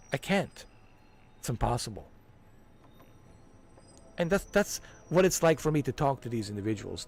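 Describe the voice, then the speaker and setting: A man ranting on a game livestream, heated and profane, dropping "man" and "dude" as he hammers his points home. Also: medium pitch. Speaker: livestream gamer. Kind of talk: casual ranting livestream chat.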